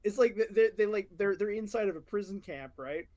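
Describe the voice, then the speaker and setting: A man's voice: sits high, a little fast, darkish tone, highs cut off. A man co-hosting a casual podcast, rambling through stories with frequent restarts. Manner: rambling, restarts often while telling stories. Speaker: co-host.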